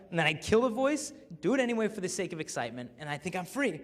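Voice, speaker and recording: Young man, youth speaker, humorous talk, animated, slightly high voice, long hall reverb. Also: quick pace, few pauses. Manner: animated, acts out voices for comic effect. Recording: echoey hall.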